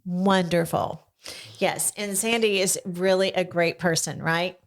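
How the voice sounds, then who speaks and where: An older woman hosting a podcast, chatting with a child and coaxing him along with slow, gentle questions. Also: fairly low pitch, steady tone. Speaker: podcast host interviewing her grandson. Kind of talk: casual interview chat. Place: small home podcast studio.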